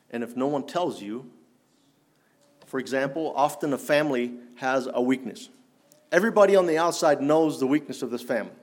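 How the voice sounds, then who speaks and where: A man preaching a sermon in an earnest, challenging way, rising for emphasis and dropping low. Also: a little mellow. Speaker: pastor.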